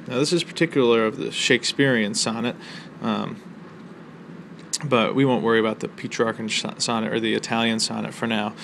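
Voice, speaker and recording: Guy doing a recorded english lecture, kinda gravelly voice, lots of ums, faint ac hum in the room. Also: medium pitch, fairly quick. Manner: explanatory, relaxed, with frequent ums and uhs. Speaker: college English instructor.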